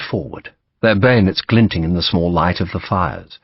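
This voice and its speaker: Husky male audiobook narrator. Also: deep voice, dry recording, highs cut off. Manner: measured, vivid storytelling. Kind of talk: scripted narration.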